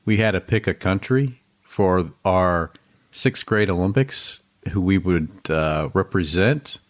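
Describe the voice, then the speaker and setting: A man's voice: deep voice, animated, takes it slowly. A man co-hosting a podcast, laid-back and casual, often answering briefly. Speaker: podcast co-host. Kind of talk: casual chat.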